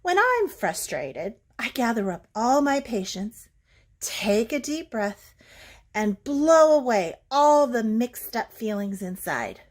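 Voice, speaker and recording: A woman voicing a patient father in a picture book, gentle and reassuring with his son. The delivery is slow and calm, though the pitch still moves about freely. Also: heavily acted. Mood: encouraging.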